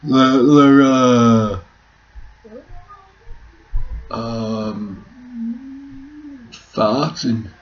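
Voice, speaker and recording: A man voicing a dim, gentle country farmer, high and halting. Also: highs cut off, a little hiss or hum. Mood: simple-minded.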